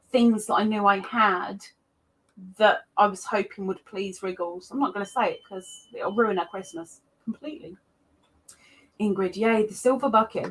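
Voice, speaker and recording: A woman hosting a casual livestream chat, greeting viewers by name with excited jumps in her voice. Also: medium pitch. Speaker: livestream host.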